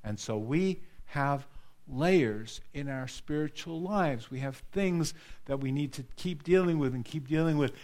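Earnest male preacher, slightly high voice. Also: unhurried, darkish tone. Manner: earnest, repeats phrases for emphasis; addresses a congregation directly with questions. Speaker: pastor. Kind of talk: sermon.

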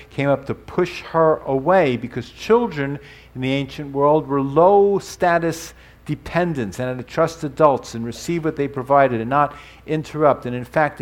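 A man preaching a sermon to his congregation, explaining terms as he goes and adding light asides. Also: medium pitch. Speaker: pastor.

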